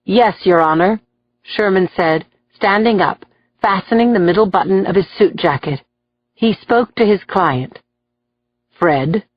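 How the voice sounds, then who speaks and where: A woman narrating an audiobook in a steady, clear storytelling manner. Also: medium pitch, normal speed, highs cut off.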